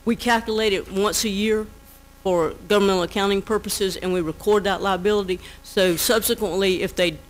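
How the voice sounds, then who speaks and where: A man's voice: high-pitched, steady tone, moderate pace, rough recording. A man, a county finance official, politely and precisely answering questions at a council meeting.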